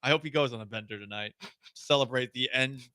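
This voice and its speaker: A man's voice: medium pitch, quick pace, pushed and bright, no room sound, studio quality. A man from Houston hosting a sports radio show, joking and teasing his co-hosts in casual banter. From Houston, Texas. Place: radio studio. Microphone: studio microphone.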